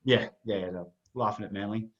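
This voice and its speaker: A man's voice: fairly low pitch, brisk, a bit bright, lo-fi sound. Rambling man on a podcast. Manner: rambling, talks through photos with many fillers. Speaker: podcast co-host. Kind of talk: casual sports podcast chat.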